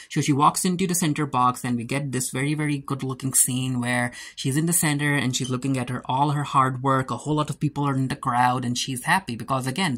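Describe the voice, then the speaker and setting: A casual reviewer recapping a TV episode, who keeps slipping into quick put-on voices for the characters. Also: fairly bright tone. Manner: retells scenes, briefly voicing the characters with pitch jumps.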